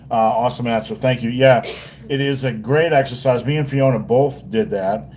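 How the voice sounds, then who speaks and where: A man's voice: mid-range voice, normal speed, darkish tone, a little hiss or hum. A man hosting a casual livestream, rambling and joking with crude language. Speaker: livestream host.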